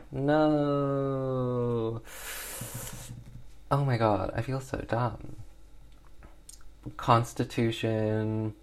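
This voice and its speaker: A young man unhurriedly recapping a film in a loose, chatty way. His talk is packed with "like" and "um" as he drifts from point to point, and his voice sits at an ordinary middle pitch. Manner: rambling, heavy on "like" and "um" fillers. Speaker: film reviewer.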